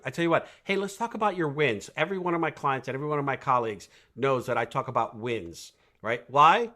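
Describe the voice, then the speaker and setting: A man talking as a guest coach on a podcast, energetic and emphatic, asking rhetorical questions and often tagging "right?" onto his points. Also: a little high, a little fast, few pauses. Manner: rhetorical questions, animated storytelling. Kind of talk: podcast conversation.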